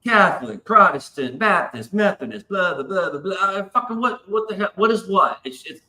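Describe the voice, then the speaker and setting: A man's voice: sits high, animated, moderate pace, pushed and bright, echoey room, poor audio. A man hosting a casual live stream, telling a long rambling story and swearing freely. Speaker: stream host. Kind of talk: casual chat.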